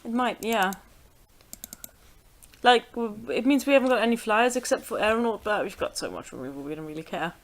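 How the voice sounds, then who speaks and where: A woman's voice: mid-range voice, expressive, a little fast. A woman co-hosting a casual chat, thinking aloud in an easygoing, chatty way as she builds a card deck.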